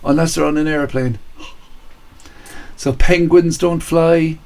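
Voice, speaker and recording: A man's voice: a little high, fairly even intonation, slow pace, darkish tone. Cheerful man hosting a kids' quiz. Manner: chatty, cheerful, jokey asides to young viewers. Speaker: quiz host. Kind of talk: live-streamed kids' quiz, reading questions and answers.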